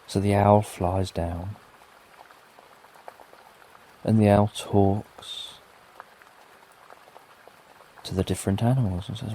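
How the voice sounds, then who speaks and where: A middle-aged British man narrating a bedtime story for sleep, gentle and lulling with plenty of repetition. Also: lowish voice, fairly even intonation, slow pace, long pauses, slight background noise. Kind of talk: slow soothing bedtime storytelling. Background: soft rain.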